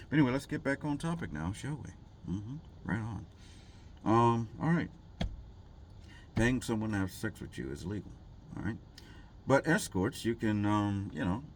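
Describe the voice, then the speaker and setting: A man's voice: low-pitched, creaky, a little hiss or hum. A man vlogging in a rambling, jokey way, full of fillers and asides. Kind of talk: casual rambling vlog talk.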